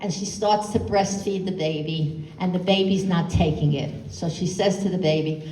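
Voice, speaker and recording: A woman's voice: on the low side, normal speed, mellow, roomy sound, recorded from a distance, poor audio. A woman telling stand-up jokes one after another, punching up the punchlines. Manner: punchy storytelling, voices raised for punchlines. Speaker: stand-up comedian.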